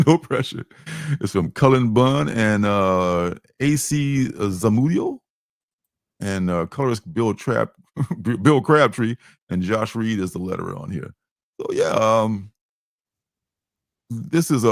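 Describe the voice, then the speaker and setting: Gravelly, animated male comic book host. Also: fairly low pitch, slow pace, long pauses, dry recording, studio quality. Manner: joking, rambling, chuckles often. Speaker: livestream host. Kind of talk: casual comic book chat.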